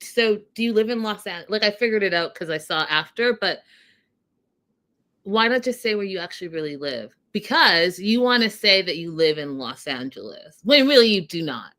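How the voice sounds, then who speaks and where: A woman's voice: mid-range voice, expressive, normal speed, pushed and bright. A woman hosting a reality TV recap show, chatting casually and animatedly, laughing often and calling her viewers y'all.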